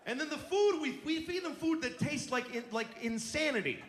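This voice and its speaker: A man's voice: very high-pitched, animated, normal speed, a bit bright, a faint crowd. A man doing a stand-up comedy routine on stage, ranting in an exasperated, profane way.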